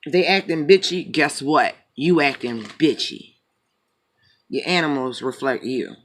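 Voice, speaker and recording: A man's voice: a little high, measured pace, a bit bright, slight background noise. A man rambling casually in a joking, profane manner as he chats and reads tarot cards. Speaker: tarot reader. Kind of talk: casual chat and tarot reading.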